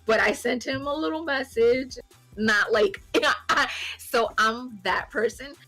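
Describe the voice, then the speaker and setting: Young woman co-host, higher voice, animated storyteller who laughs and swears. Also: slow, faint music behind. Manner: animated, laughing, swears freely, acts out quotes. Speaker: podcast co-host. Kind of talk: casual storytelling chat.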